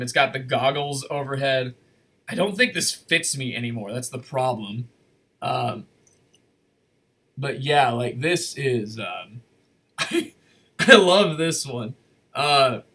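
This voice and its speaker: A man hosting a casual livestream from his desk, rambling and correcting himself as he chats, his voice going slightly hoarse. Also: medium pitch, bright, forceful tone. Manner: rambling, chatty, self-correcting. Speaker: livestream host. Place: at a desk in a room.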